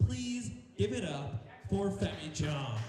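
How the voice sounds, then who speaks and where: A man's voice: high-pitched, expressive, takes it slowly, very noisy. A man hosting a comedy show, introducing comics in an upbeat, teasing way. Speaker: show host. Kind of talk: emceeing introductions. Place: large hall on stage. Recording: echoey hall with crowd.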